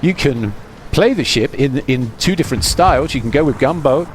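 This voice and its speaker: A man giving relaxed, rambling voice-over commentary on his own gameplay, with fillers and restarts. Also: medium pitch, normal speed, slight background noise. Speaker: gaming commentator.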